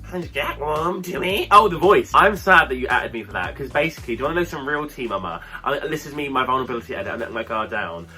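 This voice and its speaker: A man's voice: animated, rapid-fire, hardly any pauses, sharp tone, soft background music. A man co-hosting a casual chat podcast, with a nasal voice and a camp, playful delivery. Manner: camp and playful, pitch swooping up and down. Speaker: podcast co-host.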